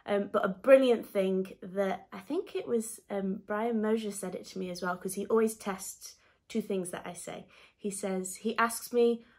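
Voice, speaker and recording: A chatty, animated woman from a stage cast answers interview questions from home. Her voice sits at a middling pitch. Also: measured pace. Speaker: musical theatre cast member. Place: home during lockdown.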